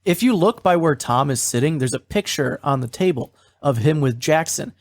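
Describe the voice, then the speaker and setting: A man's voice: a little high, expressive, normal speed, darkish tone, no echo. A man co-hosting a podcast, eagerly retelling scenes in a chatty rush. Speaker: podcast co-host. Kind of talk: casual chat.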